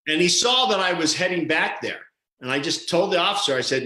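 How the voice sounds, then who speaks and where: Male talk show co-host, lively storyteller, bright tone, roomy sound. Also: high-pitched, a little fast. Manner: animated storyteller, acts out quoted voices.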